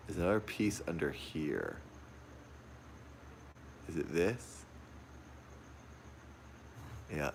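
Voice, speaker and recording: Very deep, gravelly man streaming a horror game. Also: a little hiss or hum. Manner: jumpy, easily frightened, repeats exclamations. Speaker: livestreamer playing a horror game. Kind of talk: live gameplay commentary. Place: dark room at home. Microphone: phone pointed at the TV.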